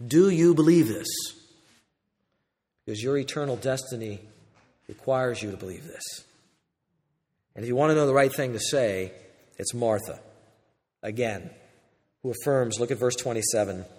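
A pastor preaching a sermon, shifting between loud, urgent exhortation and quiet, intimate passages. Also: male voice, medium pitch, moderate pace, long pauses, long reverb tail.

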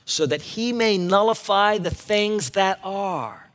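A man preaching a sermon, animated and emphatic. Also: slow pace. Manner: animated preaching, rising to emphatic high bursts. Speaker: pastor. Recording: long hall reverb.

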